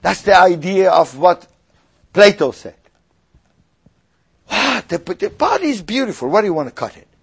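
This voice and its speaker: A man giving a sermon, acting out skeptics' questions in a raised voice and sinking to quiet asides. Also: high-pitched, normal speed, creaky, pauses often, breathy edge. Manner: animated, voices mock objections then drops to quiet asides. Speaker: rabbi.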